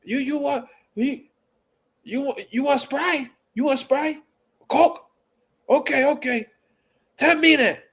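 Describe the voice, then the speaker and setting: A brusque takeout-counter woman barks orders down the phone in a high, shrill voice, firing clipped questions and repeating them impatiently, as a man acts her out. Her delivery is rushed and strained, pushed well above a normal speaking pitch. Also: a bit bright, heavily acted.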